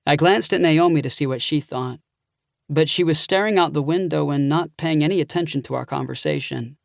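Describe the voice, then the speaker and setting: A man's voice: on the high side, brisk, gravelly, dry recording, studio quality. A man narrating an audiobook thriller in the first person, reading steadily.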